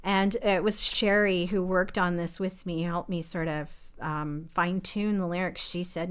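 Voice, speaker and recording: In a relaxed live-streamed chat about songwriting, a woman composer who also serves as co-artistic director thoughtfully walks through how she wrote a song. Her voice sits on the low side, moving at a moderate pace with hardly any pauses.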